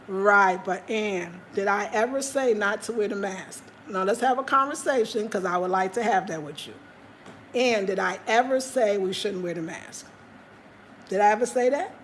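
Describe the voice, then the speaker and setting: Speaking from her home in Ghana, a woman hosts a livestream, chatting casually and reading out viewer comments. Her voice is medium-pitched at a moderate pace, candid and animated as she addresses viewers directly, with slight background noise.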